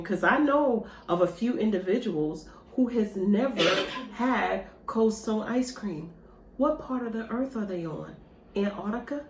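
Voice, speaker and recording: A woman's voice: mid-range voice, slight background noise. Chatty woman in a roomy space. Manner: chatty, talks straight to viewers with "y'all". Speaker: mukbang vlogger. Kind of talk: casual eating vlog chat. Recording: roomy echo.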